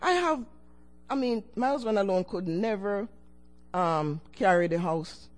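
An older woman giving a personal testimony to her church, telling it with lively swings in pitch and loudness and chuckles between phrases. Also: a little slow. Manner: animated storytelling with sudden swings in pitch and loudness.

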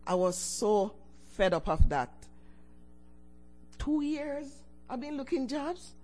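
An older woman giving a personal testimony to her church, telling it with lively swings in pitch and loudness and chuckles between phrases. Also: slow, pauses often, faint music behind. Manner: animated storytelling with sudden swings in pitch and loudness.

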